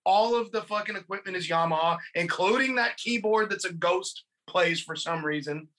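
Bright-voiced man rambling on a podcast. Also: high voice, normal speed. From California. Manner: rambling, swears often, laughs. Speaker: podcast co-host. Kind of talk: casual chat about a film.

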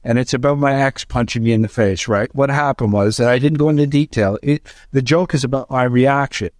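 A man's voice: mid-range voice, brisk, no room sound. Man, stand-up comedian, casual podcast talk, rambling, restarts, dry voice. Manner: animated, rambling, frequent restarts.

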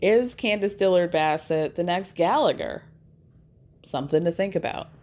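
A woman's voice: lowish voice, animated, moderate pace, a little mellow. A woman hosting a casual recap, talking animatedly and laughing often as she acts out what others said. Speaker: podcast host recapping reality TV.

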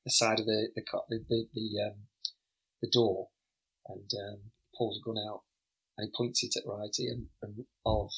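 A middle-aged former footballer, a man, telling animated anecdotes in a casual podcast interview, often stammering and repeating words. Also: lowish voice, poor audio.

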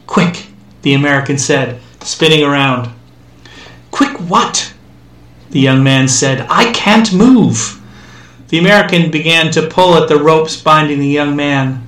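Bright, wry male storyteller, echoey. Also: a little high. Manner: wry, dry comic timing. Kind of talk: scripted narration. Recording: echoey room, distant mic.

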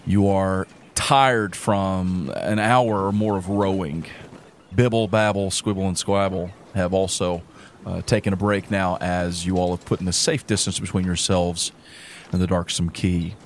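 A man narrating a tabletop game as game master, in slow descriptive narration with fillers. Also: low voice, fairly even intonation, a little hiss or hum.

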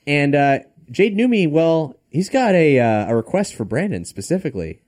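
Easygoing man with lively pitch. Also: moderate pace. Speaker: podcast host. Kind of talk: casual chat.

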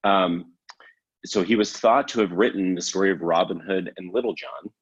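Guy hosting, really low husky voice, rambly, bit muffled audio. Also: moderate pace. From Canada. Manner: rambling, self-correcting, laughs often. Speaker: podcast host. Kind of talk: casual chat.

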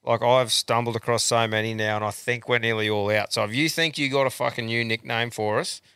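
Australian male co-host, crude slangy chat, smooth bright voice, dry studio sound. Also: mid-range voice, fairly even intonation, fairly quick, no echo. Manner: swears constantly, laid-back slang. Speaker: podcast co-host. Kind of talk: casual crude banter.

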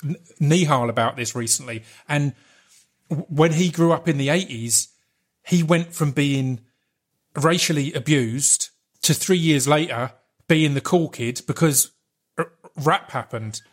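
A man talking casually on a podcast, relaxed and slangy, with stammered restarts. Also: fairly high pitch, unhurried. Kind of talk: casual chat.

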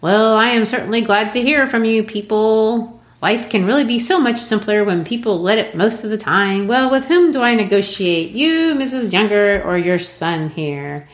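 A woman's voice: mid-range voice, animated, normal speed, few pauses, roomy sound, pitched above the performer's own voice, natural voice. A woman reading the lines of a pompous, over-polite middle-aged man from a play. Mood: smarmy.

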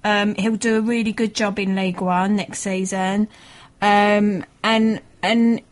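A woman's voice: mid-range voice, fairly even intonation, a little slow. A woman co-hosting a football radio show, reading out listener emails and chatting with many fillers. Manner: chatty, laughing, hesitant. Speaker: radio co-host.

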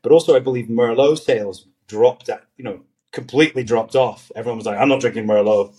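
A man's voice: mid-range voice, fairly quick, mellow. A man in his forties, a guest actor in a casual podcast chat, rambling and hesitant with many restarts and fillers.

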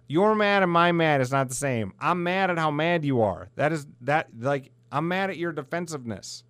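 A man's voice: fairly high pitch, animated, moderate pace, hardly any pauses, fairly bright tone, smooth, no room sound. Middle-aged guy ranting, swears a lot, dry close sound. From South Dakota, USA. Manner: heated, blunt, swears freely. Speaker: podcast host. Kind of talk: profane ranting monologue.

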